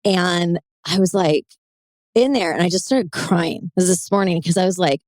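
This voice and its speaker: A woman's voice: lowish voice, normal speed, darkish tone, dry recording. A woman hosting a podcast, talking candidly and openly about her own feelings with her guest. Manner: candid, emotional and open. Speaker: podcast host. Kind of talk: conversational interview.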